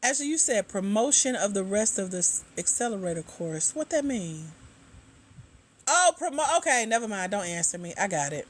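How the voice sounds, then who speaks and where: A woman hosting a casual livestream, chatting and reading viewer comments aloud with drawn-out sign-offs. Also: medium pitch, sing-song, slight background noise. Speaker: livestream host.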